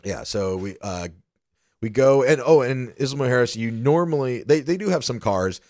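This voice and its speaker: A man's voice: mid-range voice, expressive, normal speed, darkish tone, dry recording, studio quality. A young adult man from the American South co-hosting a podcast, telling a travel story in a casual, profane way. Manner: swears often, storytelling. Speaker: podcast co-host. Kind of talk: casual chat.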